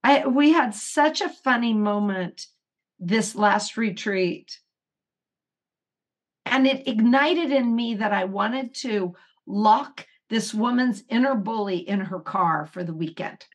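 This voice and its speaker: A woman's voice: medium pitch, takes it slowly. A middle-aged woman, a retreat coach, chatting in an interview and acting out the people in her stories. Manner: animated storytelling, acts out quotes. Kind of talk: casual interview chat.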